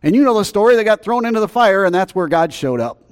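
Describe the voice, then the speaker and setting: A man preaching a sermon as pastor, conversational, swinging between loud emphasis and quiet asides. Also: high-pitched, animated, fast. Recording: long reverb.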